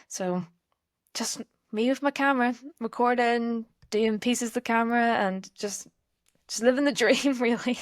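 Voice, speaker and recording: A woman's voice: mid-range voice, dry recording, studio quality. A woman in her twenties co-hosting a podcast, cheerful and giggly with many ums. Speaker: podcast co-host, sports journalism student. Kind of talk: casual chat.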